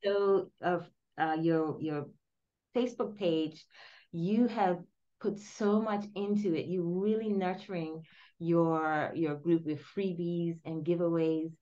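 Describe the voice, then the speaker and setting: Woman host w/ foreign accent, encouraging, bit halting, lowish voice, muffled audio. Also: fairly even intonation, dark tone. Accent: non-native English. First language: not English. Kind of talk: casual interview chat. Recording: dull lo-fi audio.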